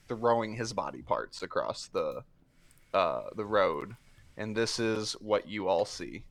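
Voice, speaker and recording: A man narrating as game master in a tabletop game, halting with many fillers. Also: lowish voice, animated, fairly bright tone. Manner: halting, filler-heavy narration with quick voiced asides.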